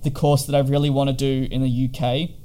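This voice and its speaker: A man's voice: medium pitch, flat delivery, brisk, warm tone. Rambling man, casual vlog. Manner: rambling, wry storytelling with frequent fillers. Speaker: vlogger. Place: hotel quarantine room.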